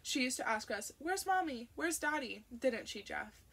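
A woman's voice: sits high, expressive, normal speed, gravelly, fairly bright tone, pitched above the performer's own voice, exaggerated voice. A woman voicing an anxious, chatty grandmother who talks in a fluttery way.

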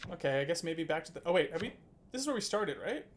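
A man's voice: fairly high pitch, sing-song, quick pace, slight background noise. A man streaming a video game, chatting casually, reading game text aloud, laughing and swearing now and then. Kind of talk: casual gameplay commentary.

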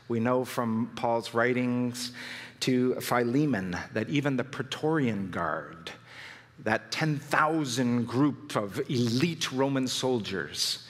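A man's voice: mid-range voice, fairly bright tone. Male pastor, mid-range voice, fervent storytelling preacher, church hall with lingering reverb. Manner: storytelling, rising to fervent emphasis. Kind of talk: sermon.

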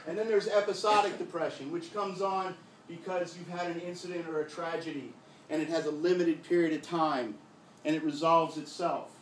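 An older male comedian telling a story on a live stage, with deadpan punchlines. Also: fairly high pitch, moderate pace, a little hiss or hum. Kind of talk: live one-man stage comedy monologue. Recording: echoey live room from far off.

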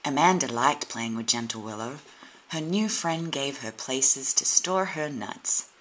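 A woman narrating a children's storybook in a gentle, unhurried way. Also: a bass voice, slight background noise, rough recording. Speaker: storybook reader.

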